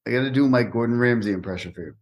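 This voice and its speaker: A man's voice: mid-range voice, very fast. A man from Massachusetts, a comedian guest, telling profane stories in casual podcast chat. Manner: animated storytelling, profane.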